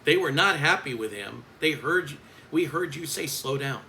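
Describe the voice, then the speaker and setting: A man's voice: a little high, lively intonation, normal speed, creaky, sharp tone, slight background noise, rough recording. A man who works as a coach, speaking in a bitter, blunt and profane vlog rant.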